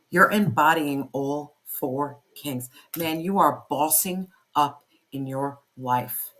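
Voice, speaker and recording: An intense tarot reader talks straight to the listener in a fiery pep-talk, hammering points home with repeated phrases and plenty of swearing. The pitch sits in a middle range, neither high nor low. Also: a bit bright. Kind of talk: spoken tarot reading to camera.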